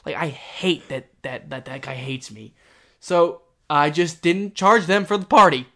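A young man in casual chat, telling stories in an animated way with loud ranting bursts. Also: high-pitched, normal speed.

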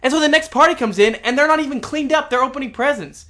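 A young man in casual chat, telling stories in an animated way with loud ranting bursts. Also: very high voice, fast talker.

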